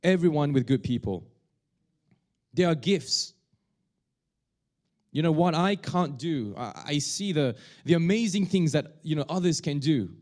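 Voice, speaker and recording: A male pastor preaching a sermon, talking in a halting way with many restarts and fillers. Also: a little high, expressive, a little mellow.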